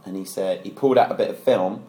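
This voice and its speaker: A man's voice: low voice, quick pace, mellow. A man co-hosting a casual podcast chat, teasing his friends and retelling stories with put-on voices. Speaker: podcast co-host. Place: home studio. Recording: roomy echo.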